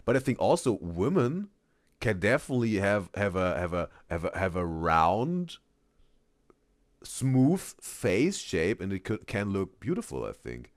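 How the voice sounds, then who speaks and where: Male live streamer, low voice, animated, dry room; rambles and reads chat. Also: unhurried, dry recording. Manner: rambling, repeats words, reads chat aloud. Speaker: reaction streamer.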